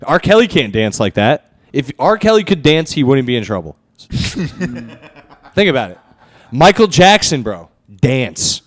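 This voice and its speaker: Male podcast host: crude, animated banter, lively swooping pitch. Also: unhurried. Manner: animated, crude, mock-outraged rants.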